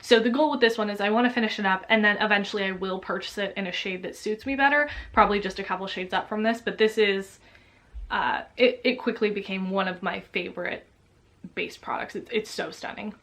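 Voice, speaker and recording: A young woman talking about makeup in a casual vlog, dramatic and swearing, growing loud when excited. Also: medium pitch, brisk. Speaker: beauty vlogger.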